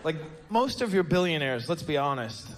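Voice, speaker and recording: A man doing a stand-up comedy set on a club stage, deadpan and self-deprecating, slipping into mock quotes. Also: a little high, normal speed. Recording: club stage with long reverb, faint noise.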